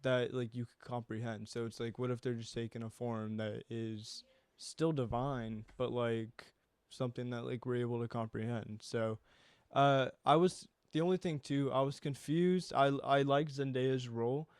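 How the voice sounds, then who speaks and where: A young man talking through a film in loose, rambling podcast chat, with the odd swear. His voice is smooth and resonant, and his pitch sits mid-range. The sound is close and dry. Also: steady tone, normal speed, dry recording. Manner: casual, rambling, swears freely. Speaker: podcast co-host. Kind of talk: casual chat.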